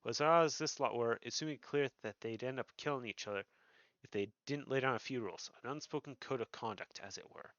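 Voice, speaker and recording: A man's voice: mid-range voice, fast talker, fairly bright tone, dry recording, natural voice. A man voicing a sly, jovial male rogue guild master, chatting in cheery thieves' slang in a dull, dry game recording. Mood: storytelling.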